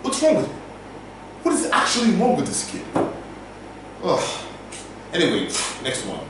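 A young man with a fairly high voice rants in a mocking, exaggerated way, his pitch leaping all over. He sounds set back from the mic in a very echoey room. Guitar music plays clearly behind him. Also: wildly swooping pitch, normal speed, pauses often, fairly bright tone, slight background noise. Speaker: YouTuber. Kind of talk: casual reaction commentary. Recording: roomy, distant mic with music playing.

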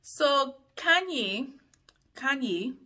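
Chatty bright-voiced woman recapping TV. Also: sits high, animated, extremely slow. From Liberia. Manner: chatty, opinionated asides. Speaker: YouTube reviewer. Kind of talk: casual TV recap.

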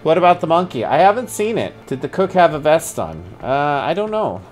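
A man's voice: a little high, very animated, brisk. A man streaming a video game, thinking aloud and puzzling over clues, with sudden startled outbursts. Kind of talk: casual gameplay commentary. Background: faint music.

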